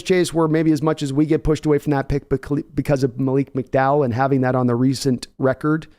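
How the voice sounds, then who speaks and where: A young livestream host with a smooth, mid-range, darkish voice reads out viewer donations during a live reaction stream. He rambles in a self-deprecating way and laughs frequently.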